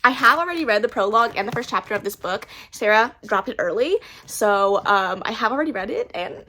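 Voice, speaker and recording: A young woman book vlogger talking casually at home into a camera mic, gushing with breathless excitement. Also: fairly high pitch, brisk, slight background noise.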